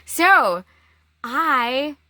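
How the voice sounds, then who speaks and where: Woman, casual vlog, unhurried, halting with restarts, dry close sound. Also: sits high, very animated, bright, forceful tone, dry recording. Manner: halting, with long pauses and restarts. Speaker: vlogger.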